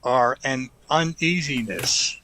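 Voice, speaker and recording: A man in the congregation reading out a short reflection he wrote, hesitant and unhurried. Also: medium pitch, bright, forceful tone, slight background noise, poor audio. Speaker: congregant sharing a thought.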